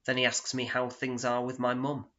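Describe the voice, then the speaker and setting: Brief: dry self-mocking man for a solo stage monologue, bright tone, dull sound. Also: medium pitch, moderate pace. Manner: deadpan, sardonic, self-mocking. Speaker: solo performer narrating in character. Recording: dull lo-fi recording.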